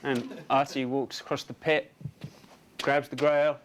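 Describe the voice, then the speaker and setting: A man pitching storyboards, narrating the action vividly and adding his own sound effects. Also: flat delivery, unhurried, a little hiss or hum.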